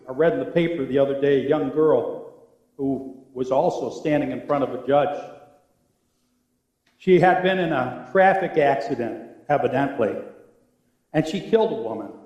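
A man preaching a sermon as pastor, with a dramatic delivery that swings from hushed to loud. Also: on the high side, normal speed, pauses often. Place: church. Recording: echoey church room.

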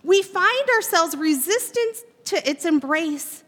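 A woman's voice: extremely high pitch, animated, slow, a bit bright, long reverb tail. A woman pastor preaching a sermon to her congregation. She talks expressively and addresses the listeners directly. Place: church sanctuary.

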